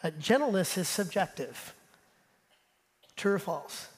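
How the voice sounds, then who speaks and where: High-voiced animated preaching man. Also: unhurried, in a large hall. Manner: animated preaching, drops to soft asides; talks straight to the congregation. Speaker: pastor. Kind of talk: sermon. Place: church sanctuary.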